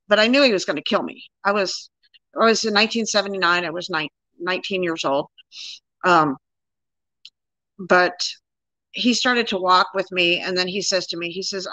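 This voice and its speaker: A woman's voice: mid-range voice, moderate pace, sharp tone, dry recording, low-quality recording. A woman in her sixties, a guest plainly recounting her own experience in a casual interview.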